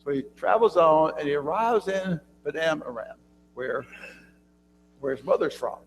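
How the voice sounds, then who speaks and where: A man teaching a church Bible class, talking conversationally, often quizzing his listeners with questions and clearing his throat, recorded in a church room with long reverb and a faint hum. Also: a little high, lively intonation, normal speed. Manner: frequent throat clearing and restarts.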